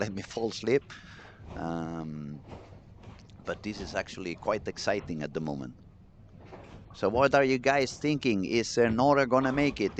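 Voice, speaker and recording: A man commentating live on a bowling tournament, excitable and chatty, talking straight to the viewers in the chat. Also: medium pitch, a little hiss or hum.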